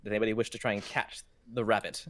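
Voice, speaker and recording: A man's voice: on the low side, level tone, rapid-fire, a bit bright. A young man running a tabletop game as game master, rambling through his narration with many restarts. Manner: rambling, full of fillers and restarts, laughs at himself.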